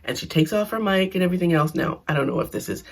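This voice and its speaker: A woman giving a casual, opinionated recap of a reality show, animated, blunt and sarcastic. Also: fairly low pitch, fast. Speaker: reality TV commentator.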